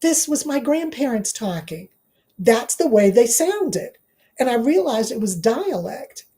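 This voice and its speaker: A middle-aged woman, a professor, shares her life story as an interview guest. Her voice sits a little high but has a mellow, relaxed warmth. She talks earnestly and repeats key phrases to drive a point home. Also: unhurried. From Washington, D.C. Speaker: guest, law professor and author.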